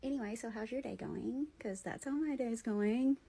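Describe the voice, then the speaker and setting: Husky-voiced woman, chatty storyteller. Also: on the high side, normal speed. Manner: chatty, animated, addresses viewers directly. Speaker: ghost story vlogger. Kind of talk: casual storytelling to camera.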